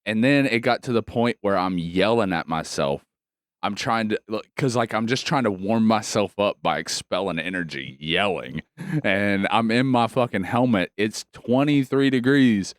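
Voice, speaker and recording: A low, smooth male voice, swearing freely as he spins animated stories in relaxed podcast chat. The sound is close and dry. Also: dry recording. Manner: profane, animated storytelling. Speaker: podcast co-host. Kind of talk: casual chat.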